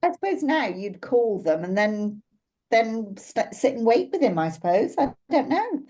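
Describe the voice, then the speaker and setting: A woman's voice: a little high, sing-song, a little slow, dark tone, slightly rough. A middle-aged woman co-hosting a casual podcast chat, talking with hesitant fillers. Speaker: podcast co-host.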